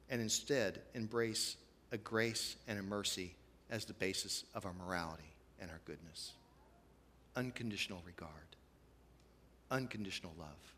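A man's voice: on the low side, a bit bright, long reverb tail. A man preaching a conversational sermon as a pastor, chatty and self-deprecating, with many "you know" asides.

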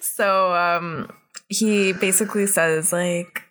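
A woman's voice: lowish voice, fairly even intonation, slow, fairly bright tone. A young woman in casual chat, retelling a cartoon episode with lots of "like" and acting out the characters' lines. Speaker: podcast co-host.

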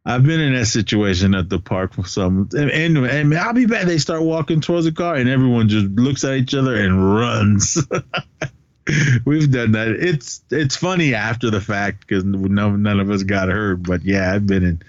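A man's voice: on the low side, moderate pace, no room sound. Man, podcast co-host, casual movie recap, laughs a lot, dry dull sound. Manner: retells scenes with animated put-on voices, laughs often.

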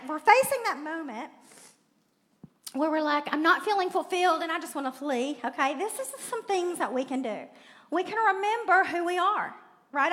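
A woman's voice: high voice, fairly bright tone. A woman preaching a sermon in a church, talking in a chatty way with laughing asides and questions to the congregation. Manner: conversational, laughing asides, audience prompts. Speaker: pastor's wife preaching. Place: church sanctuary. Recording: long hall reverb.

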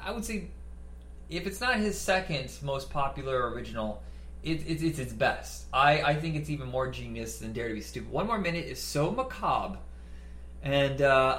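A middle-aged man talks loosely and jokingly, wandering from one thought to the next. His voice sits at an ordinary middle pitch. He sounds like someone chatting at ease with a friend. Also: animated, normal speed, a bit bright, echoey room, slight background noise. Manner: rambling, jokey, mimics lines and voices. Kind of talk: casual chat.

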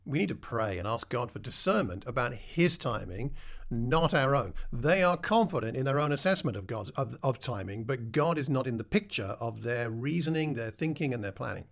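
A man's voice: medium pitch, lively intonation, normal speed, gravelly. A man preaching a sermon in a conversational way, putting questions to his listeners.

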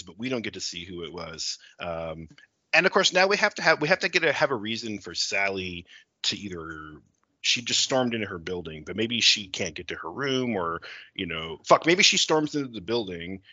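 A man brainstorming a horror story in casual chat, animated, laughing and swearing often. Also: lowish voice, moderate pace, no echo. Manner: animated, laughing, heavy cursing. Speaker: horror filmmaker. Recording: dull lo-fi sound.

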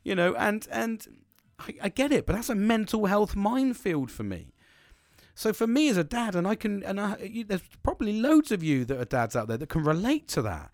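A man's voice: sits high, moderate pace, no echo, clean studio sound. Blunt, sweary man venting. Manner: blunt, sweary, animated storytelling. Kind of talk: casual monologue.

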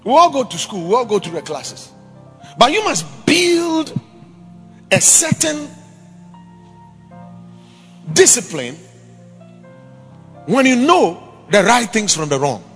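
A man preaching a sermon in church, emphatic, swinging between loud exhortations and quiet asides. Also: very high voice, big pitch swings, takes it slowly, long pauses, long reverb tail, faint music behind.

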